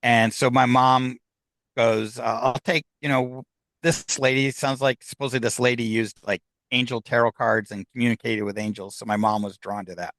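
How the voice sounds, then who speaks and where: A man's voice: mid-range voice, little pitch movement, normal speed, fairly bright tone, dry recording. Middle-aged man telling a rambling story. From United States. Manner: rambling anecdotal telling, acting out what others said. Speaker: guest. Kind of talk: casual storytelling.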